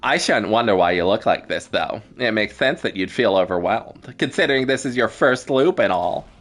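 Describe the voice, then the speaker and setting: A man's voice: fairly low pitch, expressive, moderate pace, close to an everyday voice. A man voicing a teasing, all-knowing star being with a playful, smug way of talking.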